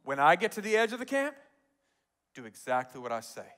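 This pastor's voice sits a little high and moves at a brisk clip as he preaches in a large church auditorium. His sermon is full of lively stories, acted-out quotes, and frequent laughter.

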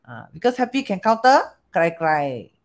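A woman with a Singaporean accent teaching a lesson, animated, often asking rhetorical questions and switching languages. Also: on the low side, moderate pace. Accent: Singaporean English. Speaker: teacher of Chinese metaphysics. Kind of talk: storytelling lesson.

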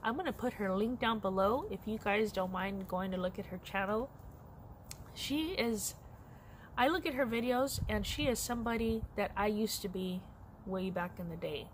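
A woman's voice: medium pitch, normal speed. A middle-aged woman chatting candidly in a personal crochet vlog, laughing often. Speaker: crochet vlogger. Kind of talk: casual personal vlog chat. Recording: noisy background.

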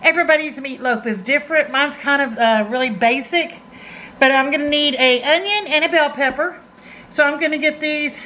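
Middle-aged Southern woman, cooking host, high and homey, easy chatty delivery, faint background hiss. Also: pushed and bright, poor audio. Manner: folksy, chatty, says y'all. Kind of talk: casual cooking demonstration. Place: home kitchen.

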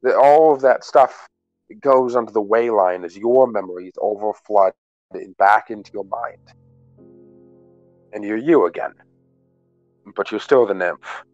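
A man with a low voice runs a tabletop game as game master. He narrates dramatic scenes and often breaks into laughter. His voice comes through a dull, muffled voice-chat line. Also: a little slow, long pauses, a little mellow, dry recording, soft background music.

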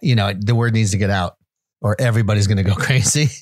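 A man co-hosting a comedy podcast, talking in a deadpan, mock-authoritative way. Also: fairly low pitch, fast, dry recording. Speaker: podcast co-host. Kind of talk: comedic casual chat.

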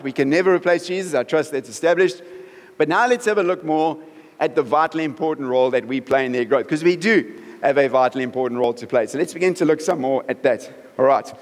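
A pastor delivers a sermon in a conversational, friendly way, keeping his voice a touch higher than most men. He keeps checking in with the congregation as he goes. The sound carries a long reverb from a church hall.

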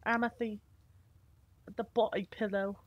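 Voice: mid-range voice, little pitch movement, measured pace, no echo, muffled recording. A young gamer playing with a friend, calling out targets and teasing in put-on British slang. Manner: jokey mock-British slang, bossy callouts. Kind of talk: casual gameplay banter.

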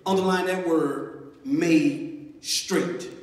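A high-pitched male minister preaches slowly and deliberately, calling for amens and building to emphatic peaks. His voice rings through a large church with a long, echoing reverb. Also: expressive, recorded from a distance. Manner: call-and-response preaching, rising to emphatic emphasis. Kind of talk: sermon. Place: church sanctuary.

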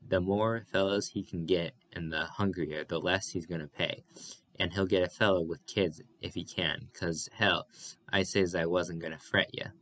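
A ragged, worn-out migrant with a bitter streak and a drawling rural way of talking, as a man reads him aloud. The voice sits low and deep, nudged a little higher and louder than the narration around it. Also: fairly even intonation, normal speed.

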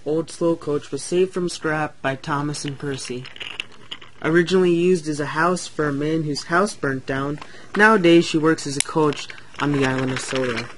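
A man narrating a homemade toy-train story in a plain, slightly hurried reading voice. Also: fairly high pitch, a little hiss or hum.

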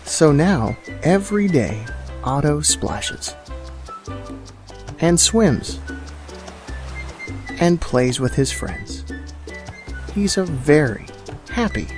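A man narrating a children's bedtime story in a slow, calm and soothing way. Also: fairly high pitch. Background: soft music.

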